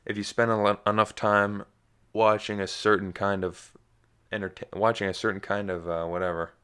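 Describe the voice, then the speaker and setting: Young male podcast host, low and smooth, self-deprecating ramble, slightly scratchy voice. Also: level tone, normal speed, fairly bright tone. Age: young adult. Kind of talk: casual solo monologue.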